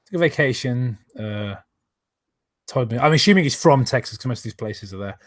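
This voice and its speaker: A man's voice: mid-range voice, lively intonation, brisk, dry recording. A man reading aloud and commenting on a live stream, exasperated, sarcastic and swearing often, who stops now and then to thank viewers for donations.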